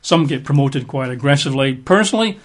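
A man's voice: medium pitch, expressive, fast. A man giving an opinionated, plain-spoken talk with wry asides. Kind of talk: casual talk to camera.

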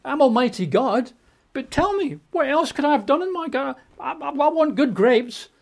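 Preacher doing a voice of God, exasperated, pleading, high, loud, repeated questions. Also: lively intonation, normal speed, vocal fry. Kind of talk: dramatized scripture reading.

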